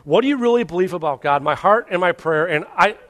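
Male pastor, high voice, earnest sermon delivery full of repeated questions. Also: lively intonation, fast talker. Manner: earnest, repetitive questioning, shifts from loud to hushed. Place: church service.

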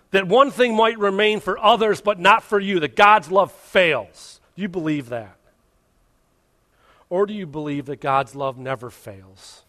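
Male pastor, high voice, earnest sermon delivery full of repeated questions. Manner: earnest, repetitive questioning, shifts from loud to hushed. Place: church service.

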